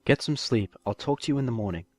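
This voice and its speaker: A man voicing a younger female pony princess who gently reassures her sister. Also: mid-range voice, animated, quick pace, no echo, faint music behind, pitched above the performer's own voice, close to an everyday voice. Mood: reassuring. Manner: soothing, reassuring.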